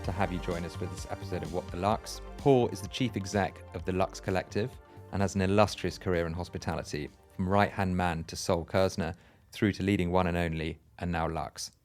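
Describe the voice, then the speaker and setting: A man's voice: low voice, steady tone, a little fast, a little mellow, soft background music. A man co-hosting a podcast interview, introducing his guest with effusive praise. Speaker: podcast co-host.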